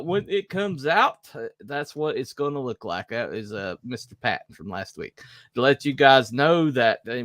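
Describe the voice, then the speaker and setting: A man's voice: mid-range voice, a bit bright, no room sound, clean studio sound. A man from the South, co-hosting a podcast in casual chat, rambling with lots of fillers and joking asides. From Southern United States. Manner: rambling, self-mocking, full of fillers and asides. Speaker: podcast co-host.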